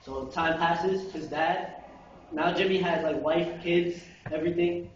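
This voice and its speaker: A man's voice: fairly high pitch, steady tone, measured pace, slight background noise. A young man telling a long joke to friends in a rambling, self-correcting way, heard far from the mic in a dull, roomy recording. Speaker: joke teller. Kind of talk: casual storytelling. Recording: roomy, distant, dull lo-fi amateur video.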